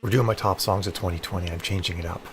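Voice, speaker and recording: A man's voice: deep voice, steady tone, fast talker, slightly rough. A man hosting a writing livestream, chatting casually and affectionately with viewers and reacting to their comments. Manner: chatty, affectionate, calls people honey. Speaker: livestream host of a writing session.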